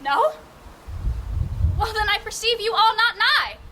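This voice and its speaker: A woman's voice: very high voice, animated, unhurried, exaggerated voice, low-quality recording. A woman playing Hermia, a modest, loving young noblewoman, with earnest verse delivery in outdoor Shakespeare stage acting. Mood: frightened. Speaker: stage actor. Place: outdoor town square. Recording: outdoor performance with loud background noise.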